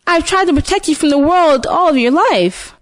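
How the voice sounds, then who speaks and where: A woman voicing a jealous, possessive old witch in a storybook retelling, with shrill outbursts. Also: lively intonation, normal speed, no room sound, clean studio sound. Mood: furious.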